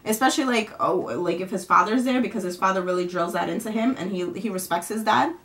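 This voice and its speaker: A woman's voice: medium pitch, fast, a bit bright. A young woman vlogging at home, venting in a rambling, frustrated way and swearing casually.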